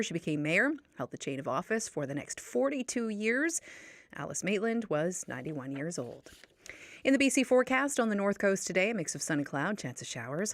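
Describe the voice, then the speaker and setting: A woman's voice: mid-range voice, no room sound. Canadian woman w a slight aussie twang, reads radio news, dry close studio sound. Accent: Canadian with a slight Australian twang. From Canada (British Columbia). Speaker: newsreader. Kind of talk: radio news reading, then casual chat. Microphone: studio microphone.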